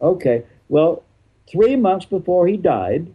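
A man's voice: high-pitched, sing-song, slow pace, husky, muffled recording. An older man, a retired pastor being interviewed, explaining his views emphatically and answering his own rhetorical questions.

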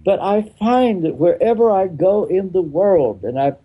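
Older guy, retired pastor on an interview, husky kinda raised voice, keeps asking n answering himself. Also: high voice, lively intonation, a little slow, narrow, tinny audio. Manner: emphatic, rhetorical questions answered himself, repeats phrases. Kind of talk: interview answer, preaching-style explanation.

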